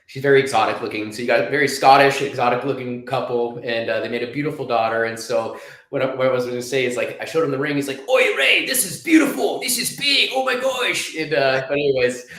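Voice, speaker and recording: A man in his thirties chats as an interview guest, circling through his story with restarts, fillers and a middling pitch. His voice carries the echo of a roomy space, as if he's on a remote call. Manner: rambling, many restarts and fillers.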